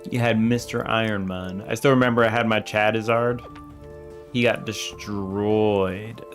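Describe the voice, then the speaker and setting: Gravelly joking game streamer man. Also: lowish voice, fairly even intonation, fairly quick, a bit bright, soft background music. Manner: joking, laughs often, talks to his game characters. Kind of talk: casual gameplay commentary.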